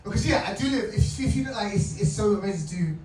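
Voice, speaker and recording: Excitable comic, lively high voice. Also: male voice, a little fast. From England. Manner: excitable, laughing often, playful crowd work. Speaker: stand-up comedian. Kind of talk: live stand-up comedy set. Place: comedy club stage. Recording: roomy club recording from a distance, with loud crowd. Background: loud laughing audience.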